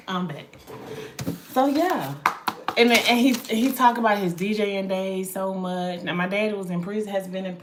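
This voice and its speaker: A woman's voice: medium pitch, a bit bright, a little hiss or hum. Candid woman chatting on a livestream. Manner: candid and swears freely, drifts into tangents. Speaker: livestream host and spiritual reader. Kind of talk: casual livestream chat.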